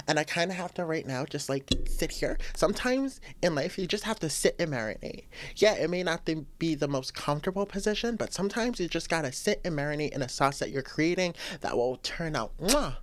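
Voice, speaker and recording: A young woman hosting a casual solo podcast, venting animatedly with frequent laughs. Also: brisk. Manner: animated, venting, laughs often, swings to high exclamations. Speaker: podcast host.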